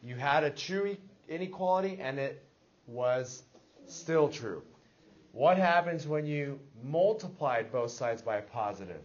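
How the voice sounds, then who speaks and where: A man's voice: mid-range voice, lively intonation, measured pace, highs cut off. Man teaching math in a classroom. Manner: questioning, checks in with students often. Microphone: classroom recording device.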